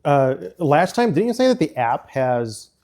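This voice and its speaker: A man streaming casual chat while building a model set, rambling with frequent fillers and quick laughs. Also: a little high, big pitch swings, darkish tone.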